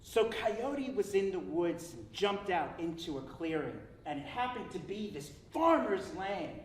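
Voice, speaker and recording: A man tells a folk story in a relaxed, animated way at a theater event. His pitch moves a lot, and he is recorded from a distance in a reverberant room with faint noise. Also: a little slow. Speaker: storyteller and guest speaker. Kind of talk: live storytelling talk.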